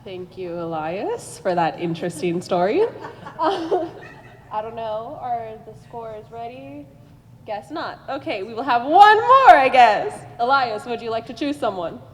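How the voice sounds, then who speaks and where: A woman's voice: a little high, sing-song, measured pace. A teenage girl hosting a school drama contest, upbeat and coaxing contestants onto the stage. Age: teens. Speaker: contest emcee. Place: school auditorium. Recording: long hall reverb.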